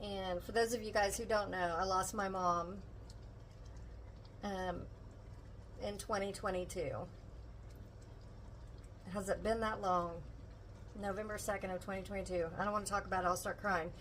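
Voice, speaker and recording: A woman's voice: mid-range voice, fairly even intonation, normal speed, long pauses, fairly bright tone, slight background noise, rough recording. An older woman chatting casually to her viewers while she cooks at home, tender and emotional. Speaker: vlogger. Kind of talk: casual vlog chat while cooking. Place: home kitchen.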